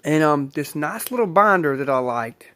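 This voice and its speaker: A man's voice: a little high, expressive, moderate pace, a bit bright. A man casually telling a personal story, rambling, repeating himself and swearing freely.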